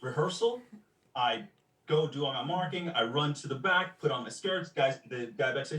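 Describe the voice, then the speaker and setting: A man guest on a podcast, telling animated stories of his time as a stage performer, acting out quotes and humming rhythms. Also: fairly high pitch, moderate pace. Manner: animated storyteller, acts out quotes and hums rhythms. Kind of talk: casual interview storytelling. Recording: echoey, distant mic.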